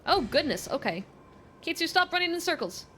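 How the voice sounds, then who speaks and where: A woman's voice: very high voice, sing-song, fairly quick, a bit bright, a little hiss or hum. A young woman livestreaming a video game, giving playful, teasing running commentary to her chat and her in-game companion. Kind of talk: casual gameplay commentary.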